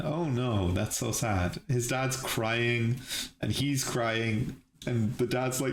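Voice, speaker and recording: A man's voice: medium pitch, expressive, takes it slowly. A man hosting a live reaction, recapping and musing aloud with frequent restarts and laughs. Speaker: channel host reviewing episodes. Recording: echoey room with faint hiss.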